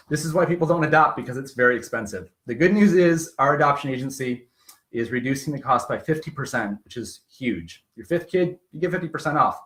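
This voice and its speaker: A man who is a pastor, speaking earnestly and candidly to camera, sometimes choking up and softening it with self-deprecating humor. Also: medium pitch. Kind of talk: emotional personal appeal to camera.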